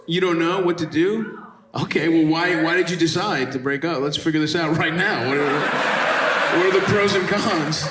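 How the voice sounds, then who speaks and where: A male stand-up comedian doing crowd work, loud and profane, teasing the audience and laughing. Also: on the high side, normal speed, heavy background noise. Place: comedy club stage with audience. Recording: echoey live club recording with loud ambience.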